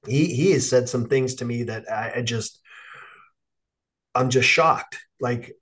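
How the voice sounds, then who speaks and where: A man's voice: mid-range voice, a little slow, long pauses, fairly bright tone. A man hosting a podcast and coaching dads, speaking earnestly and encouragingly in casual chat. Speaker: podcast host and dads' coach.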